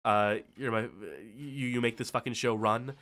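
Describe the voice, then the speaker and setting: A man's voice: mid-range voice, steady tone, a bit bright. A man hosting a live stream, thanking his co-hosts in a rambling, heavily swearing way, tired and emotional, full of fillers and restarts. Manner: heavy swearing, rambling, halting with many fillers. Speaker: host. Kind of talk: casual stream thank-you speech.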